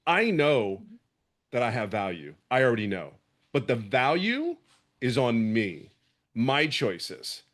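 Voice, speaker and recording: A man's voice: mid-range voice, big pitch swings, takes it slowly, a bit bright. Impassioned middle-aged man. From Philadelphia area. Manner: emphatic, impassioned, with restarts. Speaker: program member giving a testimonial. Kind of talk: casual testimonial talk.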